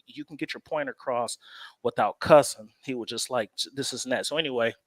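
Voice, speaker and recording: A man's voice: medium pitch, a little fast, fairly bright tone, dry recording. Laid-back man telling a long story. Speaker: co-host. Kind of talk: casual chat.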